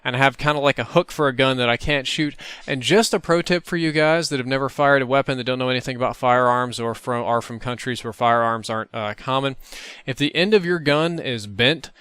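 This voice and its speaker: A man host telling a dream story over gameplay in an animated, profane way. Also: mid-range voice, brisk, clean tone, dry recording. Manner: animated, profane, vivid retelling. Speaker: gaming channel host.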